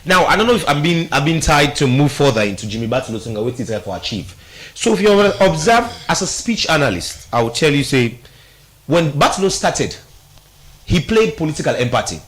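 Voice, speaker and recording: Animated Sierra Leonean radio commentator, man. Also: on the high side, fairly quick. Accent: Sierra Leonean Krio-inflected English. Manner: animated, emphatic, mixes Krio and English. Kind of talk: radio talk show analysis.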